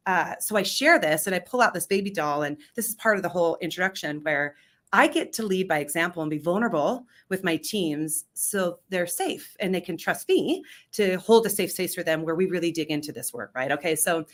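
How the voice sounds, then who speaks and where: A woman's voice: fairly low pitch, expressive, fairly quick, fairly bright tone. A woman leadership coach telling a personal story in an interview, candid and emphatic, often checking in with "right?". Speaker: leadership coach and business founder.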